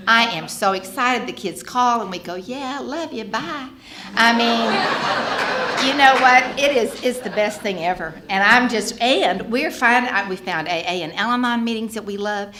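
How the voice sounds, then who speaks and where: A woman, speaking at a recovery fellowship gathering and telling her own story, acting out the voices of the people in it. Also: lowish voice. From Texas. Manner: lively storyteller who acts out quoted dialogue. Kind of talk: personal storytelling talk. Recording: roomy hall recording with faint background noise.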